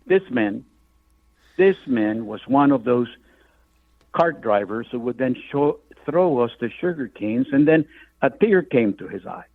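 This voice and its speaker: A man's voice: mid-range voice, animated, unhurried, dry recording. An older man from Cuba, an author guest, telling a vivid story in a radio interview. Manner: vivid storyteller, acts out voices in his quotes. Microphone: phone. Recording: tinny phone line.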